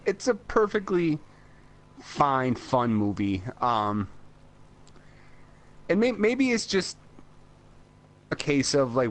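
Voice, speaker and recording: A man with an American accent co-hosting a pop-culture podcast, rambling in casual chat full of fillers and laughter. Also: medium pitch. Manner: rambling, lots of "like" and "you know", frequent laughs. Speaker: podcast co-host.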